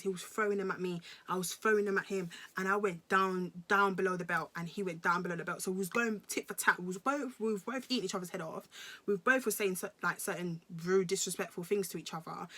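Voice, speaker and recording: A young British woman with a bright, sharp-edged voice recounts a personal story for her vlog. She talks in an emphatic, slangy way and keeps repeating phrases for effect. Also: lowish voice. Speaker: vlogger.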